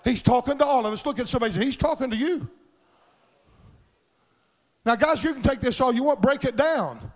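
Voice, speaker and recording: A man preaches a sermon in a church sanctuary. His voice sits very high, and he lilts his lines in a sing-song cadence that climbs into impassioned shouts. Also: brisk, long pauses. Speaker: pastor.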